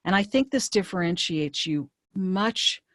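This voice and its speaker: A woman career coach presenting a webinar in a conversational, brisk way, with frequent fillers and restarts. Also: on the low side, expressive, a bit bright, no echo, clean studio sound.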